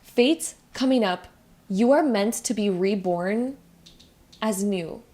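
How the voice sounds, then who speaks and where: Chatty young woman, mellow voice, tarot reading. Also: medium pitch, takes it slowly. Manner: chatty, laughs at herself, over-explains with many likes. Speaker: tarot reader. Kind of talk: casual spiritual card reading.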